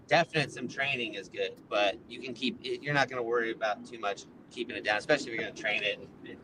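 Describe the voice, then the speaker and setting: A man talking casually over a phone line from a moving car, his words wandering and padded with filler. His voice is mid-range in pitch for a man. A clear wash of background noise sits under everything he says. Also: fast. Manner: rambling, loose, heavy on filler words. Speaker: seed breeder guest. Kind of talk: casual interview chat. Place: in a car while driving. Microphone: phone on a call.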